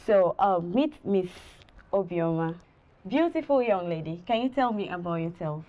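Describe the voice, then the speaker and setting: An actress with a Nigerian accent playing a TV reporter giving a formal scripted report. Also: female voice, lowish voice, animated, moderate pace, muffled recording, close to an everyday voice. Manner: formal, presenting. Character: television reporter.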